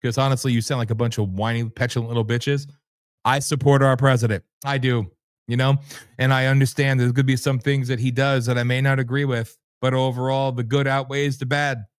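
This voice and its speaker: A man hosting a livestream, delivering loud, brash, sarcastic commentary laced with profanity. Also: medium pitch, flat delivery, brisk, clear, resonant tone, dry recording, studio quality. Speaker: livestream host. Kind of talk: ranting commentary.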